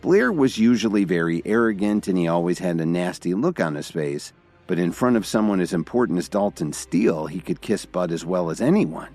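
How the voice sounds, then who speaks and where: A man narrates a dramatic scripted story, voicing every character himself. His voice sits low and is expressive, fairly quick, and a little mellow, with faint music behind.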